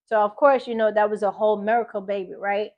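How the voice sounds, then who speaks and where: Expressive woman telling a faith testimony. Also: mid-range voice, quick pace, dull audio. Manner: expressive, emphatic, animated quoting of others. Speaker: faith podcast host. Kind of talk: personal testimony storytelling.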